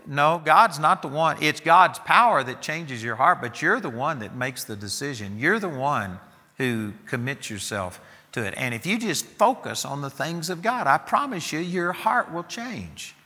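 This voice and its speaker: A man preaching in an emphatic, storytelling way, pressing his points again and again. His voice is very bright and somewhat high. A long hall reverb trails each phrase. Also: big pitch swings, measured pace. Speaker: preacher teaching students. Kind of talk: sermon.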